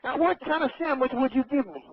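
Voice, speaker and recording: A man's voice: very high-pitched, quick pace, no room sound. A man with a Los Angeles accent telling a rambling comic story as a regular caller, losing his train of thought. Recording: dull radio broadcast audio.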